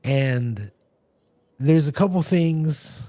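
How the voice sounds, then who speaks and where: A man's voice: fairly high pitch, extremely slow, warm tone, dry recording. Male podcast co-host, rambling game master, dry close mic. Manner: rambling, with many restarts and fillers. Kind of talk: casual chat.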